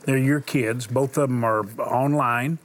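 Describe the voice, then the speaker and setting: An older man hosting a Christian talk show, telling a story in an earnest preaching manner and dropping to a hushed voice at emotional moments. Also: mid-range voice, steady tone, a little slow. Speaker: TV host and preacher.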